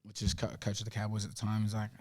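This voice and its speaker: A man's voice: on the low side, rapid-fire. A young Australian man, a rugby league player, chatting as a podcast guest in a loose, laughing storytelling style, acting out quoted conversations. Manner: animated, laughing, acts out quoted dialogue. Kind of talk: casual storytelling chat.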